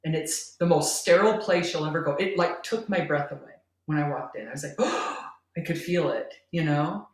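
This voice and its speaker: A woman's voice: low-pitched, brisk, hardly any pauses. Woman telling her story from a roomy distance. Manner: earnest, tearful at times, laughs between lines. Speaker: guest. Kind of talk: emotional personal storytelling.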